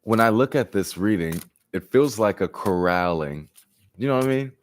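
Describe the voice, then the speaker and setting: A man giving a live-streamed collective tarot reading. He talks casually, jokes in slang and swears, and often swings his voice high and loud to act out little exchanges. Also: normal speed. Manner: animated and profane, acts out exchanges with big jumps in pitch and loudness; slangy and joking. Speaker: tarot reader.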